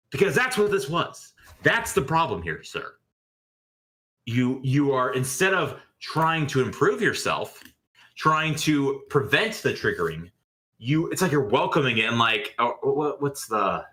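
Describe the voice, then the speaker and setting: A man's voice: mid-range voice, bright, forceful tone. A man co-hosting a casual commentary podcast, rambling and exasperated, often stammering and restarting his sentences. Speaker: podcast co-host.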